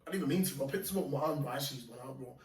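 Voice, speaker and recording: A man casually telling animated, slangy stories of fights and bouncer work, laughing often. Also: medium pitch, very fast. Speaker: podcast guest. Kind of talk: casual storytelling. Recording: echoey room, mic far off, faint noise.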